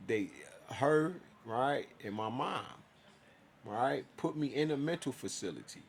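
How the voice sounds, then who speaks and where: A man's voice: medium pitch, expressive, measured pace, vocal fry, a little hiss or hum. A man telling his own story in a casual, profane monologue, acting out his side of conversations.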